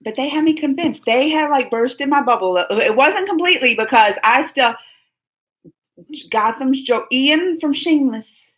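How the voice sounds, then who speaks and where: A young woman hosting a live stream, excitedly retelling a fan encounter in casual chat, full of quoted dialogue and squeals. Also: on the high side, rough recording. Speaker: livestream host.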